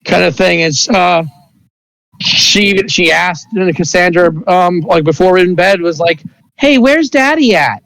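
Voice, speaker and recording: A man narrates a tabletop game as its game master, his voice sitting high with a gravelly rasp. He rambles and restarts as he describes the scene. The sound is dry and close. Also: level tone, measured pace, a bit bright, dry recording, low-quality recording. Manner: rambling, many fillers and restarts.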